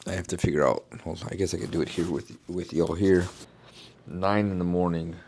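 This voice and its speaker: A man, a keynote speaker, chatting casually in a travel vlog and thinking out loud in a rambling way. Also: sits low, steady tone, fairly quick, slight background noise.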